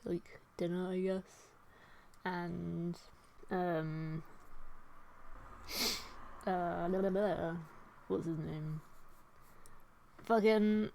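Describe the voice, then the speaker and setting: Young woman, casual drawing chat, rambling, swears a lot, slow pace. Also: fairly low pitch, creaky, darkish tone. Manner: rambling, swears often, laughs at herself. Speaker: artist and vlogger.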